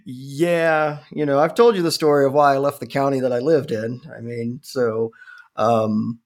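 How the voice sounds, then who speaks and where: A middle-aged man with a gravelly, fry-laden voice, swearing freely in relaxed chat. He rambles through stories and acts out the other people in them. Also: medium pitch, moderate pace. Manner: profane, rambling storyteller acting out quotes. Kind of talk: casual chat.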